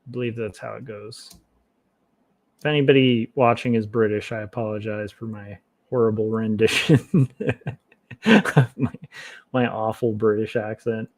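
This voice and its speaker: A man streaming while he draws comics, chatting casually and thinking aloud in a relaxed, self-mocking way. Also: on the low side, measured pace. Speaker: comic artist streaming his work. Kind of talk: casual livestream commentary while drawing.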